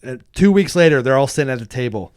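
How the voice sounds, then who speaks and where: A man co-hosting a podcast, chatting casually and telling jokes with lively, animated delivery. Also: medium pitch, quick pace, clean tone. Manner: animated storyteller, drops his voice for joke characters. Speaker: podcast co-host.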